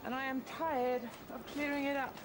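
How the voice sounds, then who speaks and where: A woman's voice: high voice, little pitch movement, normal speed, background noise, natural voice. Sarcastic British mother, a woman playing her. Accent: British English. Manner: blunt and sarcastic. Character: worn-down, sharp-tongued mother of a sick boy. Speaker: mother of an autistic son. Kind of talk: British TV drama acting.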